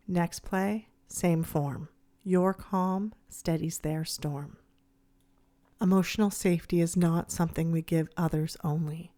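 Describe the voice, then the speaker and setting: Soft-spoken woman host, warm low voice. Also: steady tone, unhurried. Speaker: podcast host. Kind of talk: scripted reflective narration.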